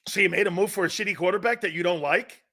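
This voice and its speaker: A man with an East Coast American accent hosting a sports talk show, ranting loudly with profanity and frequent shouting. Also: high-pitched, fast. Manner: loud, profane, often shouting.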